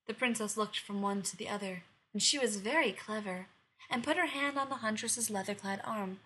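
A woman reading a fairy tale aloud in an even, measured storytelling voice. Her tone is bright and clear-edged yet husky underneath. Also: mid-range voice, poor audio. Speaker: narrator.

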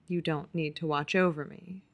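A woman's voice: low voice, fairly even intonation, normal speed. Stubborn younger dwarf brother, read by a woman. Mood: quiet.

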